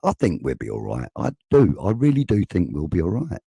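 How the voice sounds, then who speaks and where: A man's voice: deep voice, wildly swooping pitch, a little fast, creaky, dark tone, husky, no room sound. A man hosting a casual live-stream chat, rambling and reading out viewer comments. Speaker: host. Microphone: video call.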